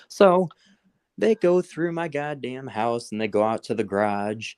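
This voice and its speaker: A man with a fairly low voice tells a story on a casual podcast. He swears constantly and gets more heated as he goes. His voice sounds dry and close, with almost no room echo. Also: normal speed, a little mellow, clear, resonant tone. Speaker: podcast co-host. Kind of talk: casual chat.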